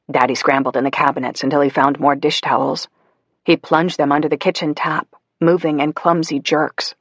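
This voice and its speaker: A man's voice: a little high, a bit bright, no room sound. A man narrating a psychological thriller audiobook with tense storytelling. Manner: tense storytelling, rising on the child's thoughts.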